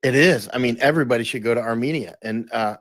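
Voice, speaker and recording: A man's voice: medium pitch, fast talker, a bit bright, dry recording. A man talking as an interview guest, emphatic, often restarting and repeating words. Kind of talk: casual interview talk.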